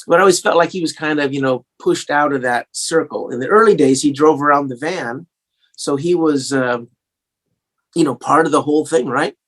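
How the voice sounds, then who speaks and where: A singer-songwriter tells stories in a casual interview, rambling with lots of fillers and restarts. He's a man with an American accent slightly tinged with English, and his voice is on the high side and fairly bright, at a normal speed.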